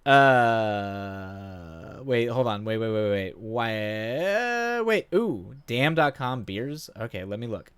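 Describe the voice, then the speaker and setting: A man's voice: lowish voice, sing-song, slow pace, clean tone. A man in his thirties chatting casually with his viewers while gaming at home at night, rambling and self-deprecating, with lots of fillers and idle humming. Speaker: livestream gamer.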